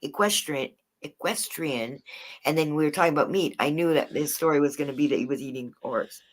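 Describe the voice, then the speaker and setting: A woman's voice: low voice, fast. A woman chatting casually, laughing easily and jumping in with questions. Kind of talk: casual chat.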